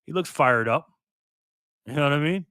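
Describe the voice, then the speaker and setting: A man's voice: fairly high pitch, expressive, moderate pace, bright, forceful tone, smooth, dry recording, studio quality. A man hosting a casual live stream, chatting loosely with viewers and laughing easily. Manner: laid-back, chatty, laughs often, greets viewers.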